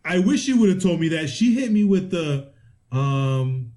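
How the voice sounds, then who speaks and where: A man co-hosting a podcast, telling a profane story in casual chat and acting out the exchanges in animated bursts. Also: a little high, measured pace. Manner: animated, swears constantly, acts out exchanges. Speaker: podcast co-host.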